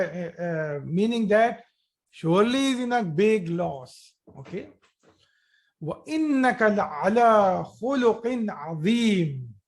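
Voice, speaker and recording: A man teaching an online Arabic lesson, repeating key phrases, often checking in with "okay" and restarting his sentences. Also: high voice. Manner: repeats phrases slowly for emphasis, addresses students directly.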